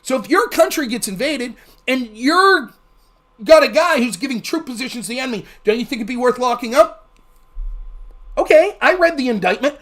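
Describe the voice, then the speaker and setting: A man's voice: very high voice, animated, moderate pace, fairly bright tone. A man hosting a livestream, giving heated, sarcastic, profane political commentary. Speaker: livestream host.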